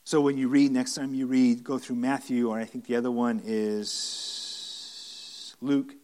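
This pastor's mid-range voice is a little mellow, and his delivery is flat and measured. Teaching a Bible study to gathered listeners, he preaches conversationally and earnestly, with emphasis, often restarting and repeating phrases.

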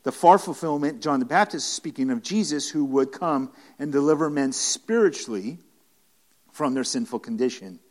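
A man preaching a conversational Bible-study sermon to a room of listeners, earnest and emphatic, often restarting and repeating phrases. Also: mid-range voice. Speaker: pastor teaching a Bible study.

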